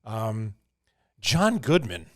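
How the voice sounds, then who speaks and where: A man's voice: fairly low pitch, huge pitch swings, very slow. A man co-hosting a podcast in casual, rambling chat, often breaking into laughter. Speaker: podcast co-host.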